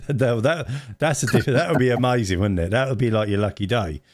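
A man co-hosting a podcast, chatting casually, animated and laughing often as he reacts. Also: medium pitch, a little fast, no room sound, studio quality. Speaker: podcast co-host. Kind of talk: casual chat.

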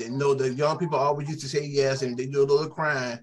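A man's voice: mid-range voice, steady tone, quick pace. A man who is a church elder, explaining scripture step by step in a Bible study discussion.

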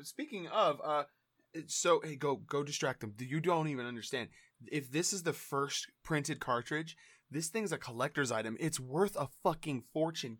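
A man's voice: a little high, a bit bright, dry recording, studio quality. A man in a comedic improv role-play who talks brashly, swears, and schemes.

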